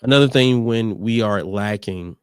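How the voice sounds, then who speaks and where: A man's voice: fairly low pitch, moderate pace, smooth, no room sound, clean studio sound. A middle-aged man hosting a faith-based leadership podcast, speaking reflectively and personally with frequent restarts and fillers. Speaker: podcast host.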